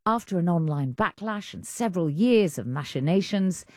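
Lively English woman presenting radio. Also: on the low side, normal speed, no room sound, clean studio sound. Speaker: radio arts show presenter. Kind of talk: broadcast presenting.

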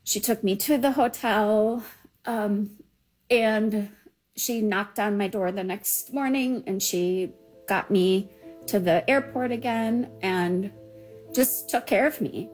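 Woman in her fifties recalling a personal story, slow and emotional, soft music underneath. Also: mid-range voice, poor audio. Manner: emotional, quiet, reflective. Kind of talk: personal recollection.

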